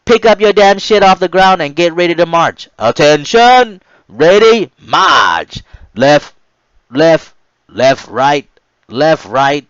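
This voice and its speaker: A male drill instructor barks commands and sings out a marching count, as a man puts him on. The voice is raised high and loud. The recording is dry and dull. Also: very animated, slow pace, clear, resonant tone, no echo, exaggerated voice. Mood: commanding. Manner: shouted commands, chanted cadence.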